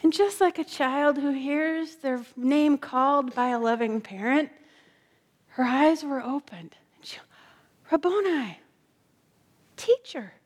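A woman preacher telling a story in a sermon, slowing down and dropping her voice soft for emphasis. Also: high voice.

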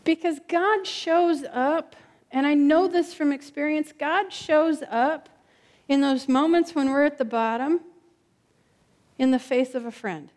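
High-voiced woman preaching a heartfelt sermon. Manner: earnest, repeats key words, asks "right?"; drops soft and slow on emotional lines. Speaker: pastor.

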